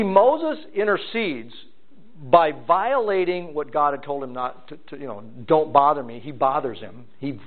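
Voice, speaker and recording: A fairly high-voiced man teaches through a scripture passage with animated energy. He acts out the characters as he reads and doubles back on his words while explaining. The recording sounds thin and tinny, like a phone line. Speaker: Bible teacher. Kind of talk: expository Bible teaching.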